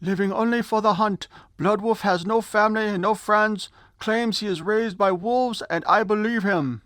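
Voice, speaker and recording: A man's voice: high voice, normal speed, fairly bright tone, no echo, studio quality, pitched above the performer's own voice. A man faking a Swedish wolf-raised pilot. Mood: dramatic. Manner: clumsy attempted Swedish accent. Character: ruthless male Swedish pilot raised by wolves.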